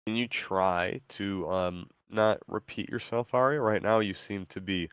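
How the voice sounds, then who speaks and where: A man with a low, deep voice hosts a casual chat with an AI. He talks in an easygoing, tentative way, often pausing mid-thought. The sound is dry and close. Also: a bit bright, clear, resonant tone, no echo. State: tired, yawning. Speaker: show host.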